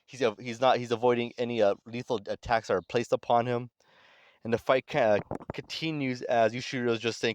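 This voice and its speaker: A man casually recapping a comic story in relaxed, conversational commentary. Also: medium pitch, brisk, no room sound. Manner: relaxed, conversational, reads characters' lines aloud in his own voice. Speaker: manga recap channel host.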